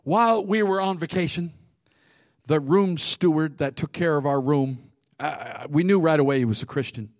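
Male preacher, higher voice, dry close sound, animated storyteller who laughs a lot and rallies the congregation. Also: moderate pace, no echo. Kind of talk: sermon with humorous storytelling.

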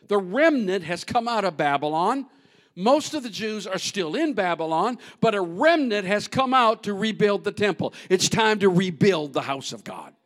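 A male pastor preaching a sermon in church, moving between soft, drawn-out asides and loud, shouted bursts. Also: high-pitched, sing-song.

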